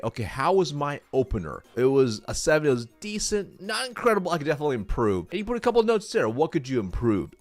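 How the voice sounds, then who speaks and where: A man giving a screen-share walkthrough as a sales trainer, talking directly and instructively and repeating his key points. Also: mid-range voice.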